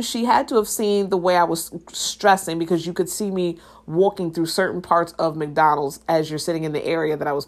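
Young woman cussing her way thru a story, kinda low voice, lively and blunt. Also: vocal fry. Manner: profane, blunt, animated storytelling. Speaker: podcast host. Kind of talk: casual storytelling.

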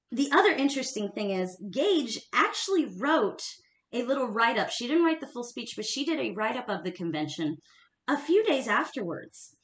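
Animated woman chatting in an echoey room. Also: on the high side. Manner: animated, laughs often, emphatic. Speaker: podcast co-host. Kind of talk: casual history chat.

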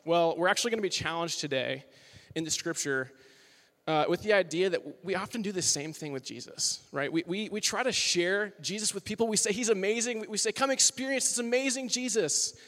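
A young man in his twenties gives a loose, joking sermon to a college crowd, chatty and upbeat. His voice sits high and sounds bright and forceful. The room rings with the long reverb of a large hall. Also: brisk. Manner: chatty and upbeat, full of "like" and "you know". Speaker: worship leader preaching. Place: large worship hall with live audience.

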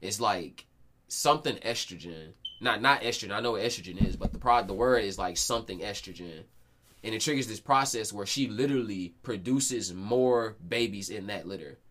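A man in his twenties hosting a podcast, telling stories in casual, slangy talk full of swearing and quick restarts. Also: fairly low pitch, a bit bright, a little hiss or hum. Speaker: podcast host. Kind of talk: casual chat.

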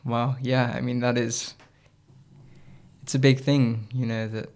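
A podcast host with a mid-pitched, flat and even voice. The host listens closely, chimes in with small affirmations, and builds on the guest's points in a calm, steady way. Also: unhurried. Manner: flat, agreeable, backchannels often. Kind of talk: conversational interview.

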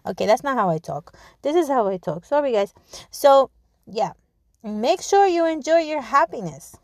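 Blunt, swearing woman with a high voice. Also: normal speed, no echo. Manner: blunt, swears freely, animated; restarts and repeats words often. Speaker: podcast host. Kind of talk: casual spoken monologue.

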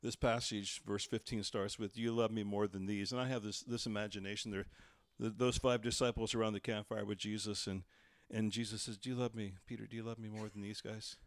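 A man preaching a sermon, telling the story with lively delivery and acting out the voices he quotes. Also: fairly low pitch, fairly quick, dry recording. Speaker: pastor.

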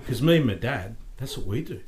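Aussie bloke in his 40s, yarning and joking on a podcast, mid-pitch voice. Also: animated, a little fast, a crowd in the background. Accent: Australian. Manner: bantering storyteller, says mate a lot. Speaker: podcast guest. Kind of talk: casual podcast chat.

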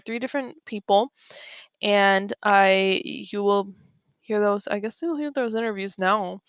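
A woman's voice: mid-range voice, smooth, dry recording, clean studio sound. A young woman hosting a podcast, telling a story in a chatty way with lots of fillers and restarts, and getting worked up. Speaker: podcast host. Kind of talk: casual storytelling monologue.

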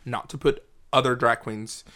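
A man's voice: medium pitch, fairly even intonation, normal speed, pushed and bright. A man, a drag performer, chatting casually and playfully on a podcast, wandering off topic.

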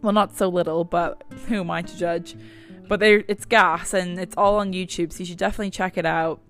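Gravelly-voiced woman chatting. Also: fairly low pitch, steady tone, a little fast, fairly bright tone, faint music behind. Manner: rambling, chatty, swears casually. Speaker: podcast host. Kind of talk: casual chat. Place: at home.

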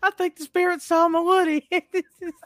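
A man's voice: very high voice, little pitch movement, brisk, a bit bright, dry recording, clean studio sound. A man co-hosting a podcast in casual chat, giggly and rambling. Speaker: podcast co-host.

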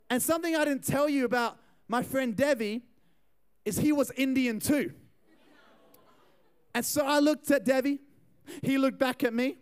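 High-voiced young man preaching. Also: clean tone. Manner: animated, chatty, addresses the crowd. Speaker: youth pastor. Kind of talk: storytelling sermon.

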